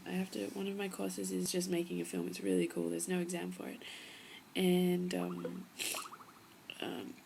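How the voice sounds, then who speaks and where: Chatty young woman with heavy vocal fry. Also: on the low side, dark tone, slight background noise, low-quality recording. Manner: chatty, rambling, dips into whispers for emphasis. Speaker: vlogger. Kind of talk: casual storytelling vlog.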